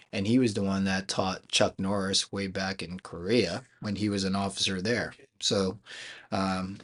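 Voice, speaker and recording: A middle-aged man from Philadelphia, a karate school owner and chief instructor, tells stories from his life in a casual podcast interview. His voice sits low, and he rambles along with frequent restarts and fillers. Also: a bit bright. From Philadelphia, United States.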